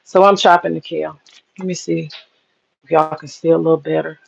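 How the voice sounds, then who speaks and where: A woman's voice: sits low, level tone, a little fast, creaky, poor audio. Woman, casual cooking vlog, chatty, swears freely. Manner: chatty, profane storytelling. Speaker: cooking vlogger.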